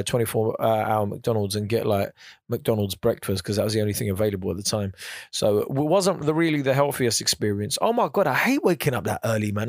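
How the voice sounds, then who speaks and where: A man's voice: medium pitch, no echo. Chatty young man, dry sound. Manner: chatty and animated, with slang and mock voices. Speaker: podcast host. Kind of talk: casual solo podcast chat.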